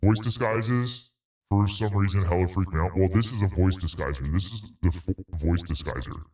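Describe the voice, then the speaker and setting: A man speaking through a voice changer filter, putting on a deep disguised male voice in a slow, teasing way. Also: a little mellow, long reverb tail.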